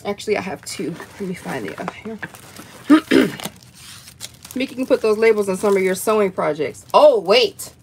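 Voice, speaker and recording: A woman with excitedly unboxing gifts on a livestream, gushing, gasping and laughing often. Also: mid-range voice, normal speed, creaky, slight background noise. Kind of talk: excited live unboxing chat.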